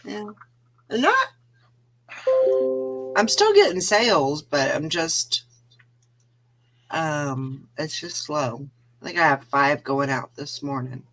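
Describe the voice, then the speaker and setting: A woman's voice: sits low, sing-song, slow, pauses often, fairly bright tone. A woman co-hosting a casual live-stream morning show, laughing easily and trailing off mid-sentence. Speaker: co-host of a reseller morning show.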